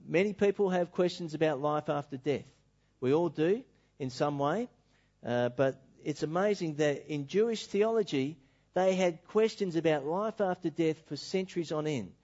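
A male preacher delivering a sermon in an animated, emphatic storytelling manner. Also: a little high. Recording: dull lo-fi recording.

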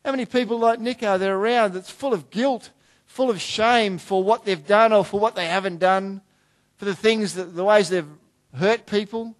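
A middle-aged man preaching a sermon in a conversational way, dropping to quiet asides and rising to emphatic points. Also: sits high, normal speed. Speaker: pastor.

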